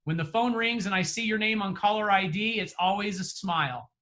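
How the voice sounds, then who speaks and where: A man's voice: sits high, fairly quick, bright, forceful tone. A man giving earnest, encouraging closing remarks as a real estate trainer over a video call, with frequent fillers and restarts.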